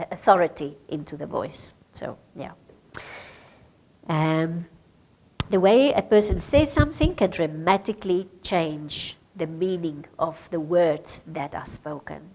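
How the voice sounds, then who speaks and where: Slow-talking Namibian woman training a group. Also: lowish voice, darkish tone. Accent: Namibian English. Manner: questions the group, hesitant fillers. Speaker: radio training facilitator. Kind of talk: workshop talk to trainees.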